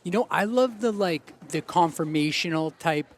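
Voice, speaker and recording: Man, podcast guest, slightly high voice, lively storytelling, quotes people in their own voices. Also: normal speed, a little hiss or hum. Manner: animated anecdote-telling with quoted voices. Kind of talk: casual storytelling.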